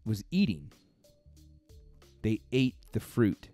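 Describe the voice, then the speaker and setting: A man's voice: lowish voice, expressive, takes it slowly, mellow, faint music behind. A man coaching in a casual devotional talk, earnest and conversational, laughing between his points. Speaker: fitness coach giving a daily faith talk.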